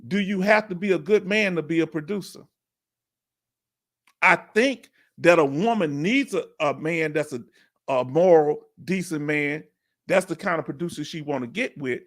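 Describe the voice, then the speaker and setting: A man hosting a live stream, chatting casually and asking viewers questions with drawn-out emphasis. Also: a little high.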